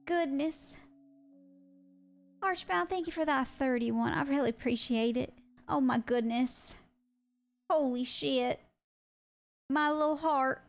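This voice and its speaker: A young woman streaming live and chatting casually, excitable and quick to swear. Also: high voice. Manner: excitable, swears freely, loud outbursts. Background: faint music.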